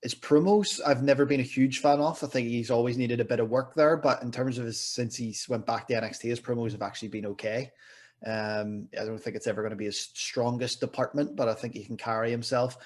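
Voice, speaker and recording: A man as a podcast guest in casual wrestling chat, giving relaxed, measured opinions. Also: mid-range voice.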